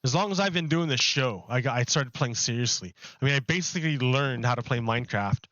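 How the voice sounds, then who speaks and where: A man's voice: medium pitch, animated, a little fast, a bit bright, dry recording, highs cut off. A man chatting casually on a gaming livestream, rambling with lots of fillers and restarts into a close microphone. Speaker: streamer. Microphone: close desk microphone.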